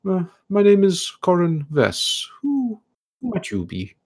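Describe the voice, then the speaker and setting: A man voicing the ghost of a scholarly, robed male high elf who rambles in a fussy, absent-minded way. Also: huge pitch swings, a little slow, darkish tone, heavily acted. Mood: curious.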